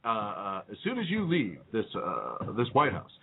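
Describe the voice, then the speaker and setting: Radio cohost guy, jokey, laughs a lot, bouncy pitch, tinny phone sound. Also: wildly swooping pitch, normal speed, creaky, husky. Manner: jokey, laughs often, many uh fillers. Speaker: radio show co-host. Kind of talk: casual political banter. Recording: phone-like narrow audio.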